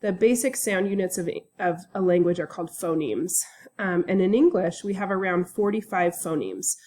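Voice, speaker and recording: Lady teacher recording a chill lecture video, low-ish voice, lots of ums and okays. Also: normal speed. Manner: relaxed, chatty, frequent ums and okays. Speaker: university instructor.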